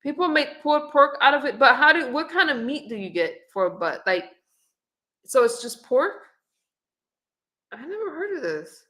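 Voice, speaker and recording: A middle-aged woman hosts a relaxed livestream, chatting to viewers straight into her camera. Her voice is bright, and her easygoing manner holds as she reads comments and recipes aloud. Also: high voice, moderate pace, long pauses. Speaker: livestream host. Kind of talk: casual live-stream chat. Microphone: webcam or phone on camera.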